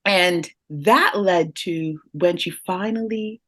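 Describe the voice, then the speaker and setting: A woman's voice: on the low side, slow. A woman who is a guest speaker on parenting, telling a family story in conversation, laughing often and speaking directly to listeners. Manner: animated, laughs often while telling stories.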